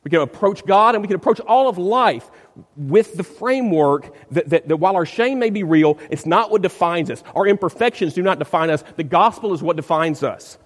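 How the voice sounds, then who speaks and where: A man's voice: sits high, expressive, fairly quick. Man preaching a sermon in a reverberant hall. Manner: emphatic, repeats words when searching for phrasing. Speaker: pastor.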